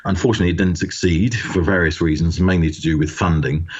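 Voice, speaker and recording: A very deep-voiced man answering interview questions as a guest author. He explains step by step and stumbles over repeated words as he starts. The audio is dull and lo-fi. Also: fairly even intonation, fast talker, husky.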